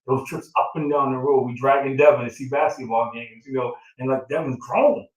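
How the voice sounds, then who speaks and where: A man's voice: mid-range voice, brisk. A middle-aged man, a proud father, telling a long heartfelt story in casual chat, with many fillers and an emotional tone. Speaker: father of the groom. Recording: roomy sound from a distant mic.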